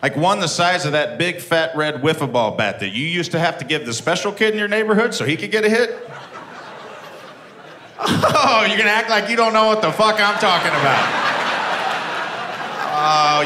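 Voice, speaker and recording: A man in his thirties doing stand-up comedy, telling a story in a plain-spoken, profane and animated way. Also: sits high, noisy background. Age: 30s.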